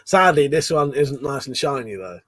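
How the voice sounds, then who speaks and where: A tipsy British man hosts a relaxed late-night livestream, speaking at normal speed in an animated, medium-pitched, slightly bright voice with no room sound. He laughs often, swears freely, and reads chat comments out loud.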